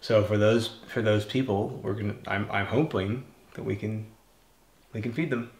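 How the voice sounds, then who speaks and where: A man in casual conversation as co-host of a homestead video, talking haltingly with many restarts and trailing off quietly. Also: on the low side. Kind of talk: casual chat. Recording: echoey room.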